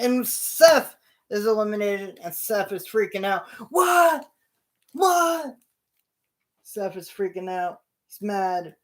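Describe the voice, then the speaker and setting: A high-voiced man hosting his own show narrates imagined wrestling action as casual play-by-play, breaking it up with loud sound-effect bursts.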